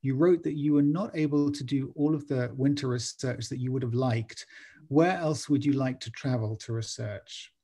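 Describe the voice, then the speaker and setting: A man hosting a bookshop author event over a video call, speaking haltingly and restarting his sentences. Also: medium pitch, warm tone, husky. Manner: halting, many restarts and fillers.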